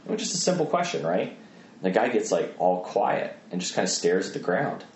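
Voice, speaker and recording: A man speaking as a guest in a conversational interview, an animated storyteller who acts out the voices of people in his stories. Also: lowish voice, fairly quick, roomy sound, a little hiss or hum. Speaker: guest, missionary trainer.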